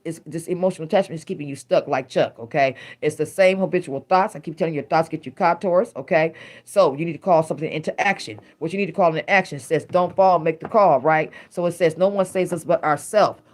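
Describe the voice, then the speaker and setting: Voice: medium pitch, quick pace. A middle-aged tarot reader giving a casual, emphatic reading to viewers, full of rhyming catchphrases.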